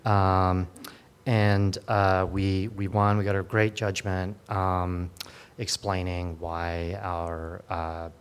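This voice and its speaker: A man's voice: low voice, level tone, takes it slowly, clean tone. A man, a lawyer, giving a conference talk in a dry, sardonic way with many fillers and restarts. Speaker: lawyer at a digital rights group.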